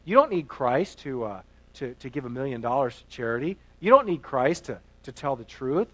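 A man preaching a sermon as pastor, swinging between hushed asides and loud emphatic passages, often repeating words as he builds a point. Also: medium pitch, very animated, brisk, no echo, low-quality recording.

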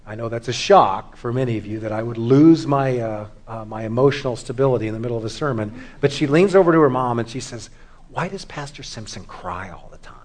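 A middle-aged male pastor preaching a sermon, moving from hushed, quiet stretches to loud, fervent exhortation. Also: mid-range voice, fast talker, hardly any pauses.

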